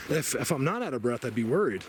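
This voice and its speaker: A man's voice: medium pitch, noisy background. Breathless man hiking through a forest. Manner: excitable, rambling, drops to a hushed whisper. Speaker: outdoor vlogger searching for Bigfoot. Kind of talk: casual walking vlog to camera. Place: forest outdoors.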